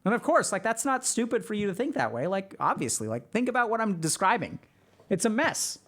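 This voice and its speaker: A man's voice: high voice, sing-song, fairly quick, fairly bright tone. A man talking casually to a live chat, giving emphatic advice with lots of filler words and short acted-out quotes. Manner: emphatic, many "like" fillers, acts out quoted people.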